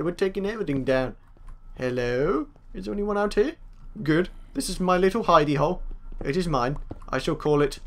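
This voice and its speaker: A man's voice: fairly high pitch, expressive, brisk, fairly bright tone. A young man, a gaming host, chatting to himself through a let's play and taunting the monsters he meets. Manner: chatty self-talk, taunts game mobs.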